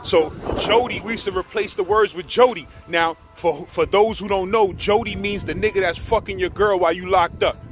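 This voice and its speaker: High-voiced New York man telling stories. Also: moderate pace, hardly any pauses, over music. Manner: animated, profane, slang-heavy, mimics others. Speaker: storyteller. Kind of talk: casual storytelling.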